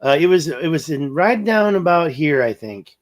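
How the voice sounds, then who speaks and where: A man hosts a laid-back livestream in a higher-leaning voice with lively intonation and a moderate pace. As he pans over a map, he reads viewer chat and rambles, thinking aloud.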